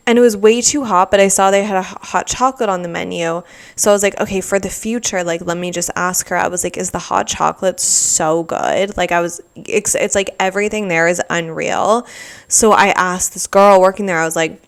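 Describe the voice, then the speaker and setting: Low-voiced woman rambling on her podcast. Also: steady tone, brisk, clean tone. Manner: rambling, peppered with "like", sarcastic asides. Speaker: podcast host. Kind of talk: casual solo podcast chat.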